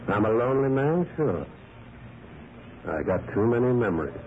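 A man's voice: mid-range voice, big pitch swings, normal speed, lightly acted. An actor playing a lonely man who lives alone and tells his story in a brooding, dramatic way, in an old radio drama. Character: lonely male prospector narrating his past. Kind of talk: 1940s radio acting. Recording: tinny lo-fi old radio broadcast with faint hiss.

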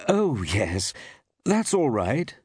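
A man reading an audiobook voices a charming, quick, insistent young woman. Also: mid-range voice, huge pitch swings, breathy edge, dry recording, studio quality, pitched above the performer's own voice, full character voice. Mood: charming, urgent. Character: charming, urgent young woman, detective's wife.

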